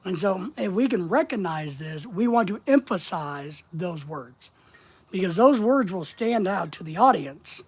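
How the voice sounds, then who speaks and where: A man's voice: sits high, lively intonation, unhurried, husky. A man hosting a live stream, reading a book aloud and commenting on it, stressing key words in a reflective, emphatic way.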